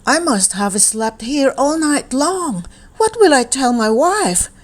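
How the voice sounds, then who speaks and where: A woman's voice: high-pitched, very animated, slow pace, voice pushed up, exaggerated voice. A woman voicing a puzzled village man who has just woken up, in a plain storybook reading. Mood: worried. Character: puzzled middle-aged village man waking up.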